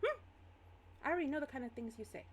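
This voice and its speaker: A woman voicing a stern female teacher at a fae academy who scolds loudly. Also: medium pitch, very fast, gravelly, slight background noise, natural voice. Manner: scolding, loud and shocked.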